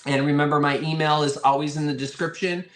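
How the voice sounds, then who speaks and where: A chatty, friendly man runs a live online vintage sale, his voice sitting a little higher than most men's. He talks casually to his viewers and keeps thanking them. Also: steady tone, brisk, a bit bright. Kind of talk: casual live-stream chat.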